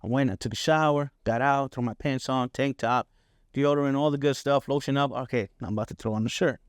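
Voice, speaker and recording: This is a personal storytelling monologue from a middle-aged male podcast host with a mid-range voice. He talks briskly and smoothly, swearing freely and often adding "right?" in his candid, casual way. The sound is clean studio audio without echo.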